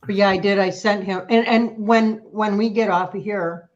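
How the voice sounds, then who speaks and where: A woman guest in a casual livestream chat, answering with short warm affirmations. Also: mid-range voice, fairly even intonation, moderate pace, lo-fi sound.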